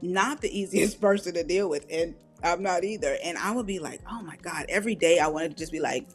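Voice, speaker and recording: Woman telling lively personal stories. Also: lowish voice, a little fast, soft background music. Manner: animated, acts out quoted voices, laughs often. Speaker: author and guest. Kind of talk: candid conversational storytelling.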